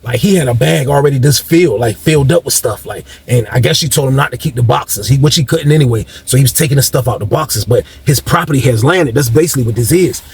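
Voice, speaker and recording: A man's voice: medium pitch, quick pace, gravelly, hardly any pauses, slight background noise. A man casually telling a long story in a rambling, slangy way, addressing his listeners directly.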